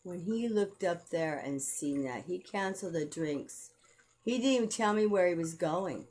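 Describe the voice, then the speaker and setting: A woman's voice: lowish voice, lively intonation, normal speed, a little mellow. A woman telling a rambling personal story to camera, blunt and profane, heated as she goes.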